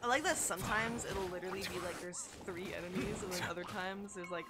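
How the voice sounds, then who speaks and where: A young woman streaming a game, chatting with viewers in an excitable, gushing way. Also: fairly low pitch, fast talker. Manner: excitable, gushing, squeals and laughs, chats with viewers. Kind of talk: live game-stream chat. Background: game music.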